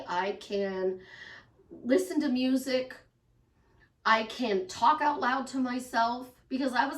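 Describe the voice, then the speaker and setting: A woman life coach talking casually to her followers, emphatic and repetitive, sometimes acting out the voices in people's heads. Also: high-pitched. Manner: emphatic, repeats phrases, acts out inner voices. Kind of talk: casual monologue to camera. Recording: roomy echo, voice from a distance.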